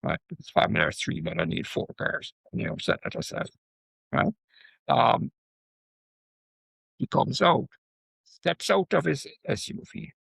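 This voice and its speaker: An older man from Jamaica, a professor guest, talking in an animated storytelling way with frequent asides. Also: medium pitch, unhurried, vocal fry, pauses often, breathy edge, dry recording. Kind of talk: conversational interview.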